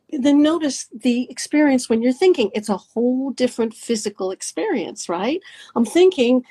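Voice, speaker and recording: A woman coaching listeners through a guided talk, animated and swooping her pitch up and down to demonstrate. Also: breathy edge, no echo. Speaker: dating and mindfulness coach.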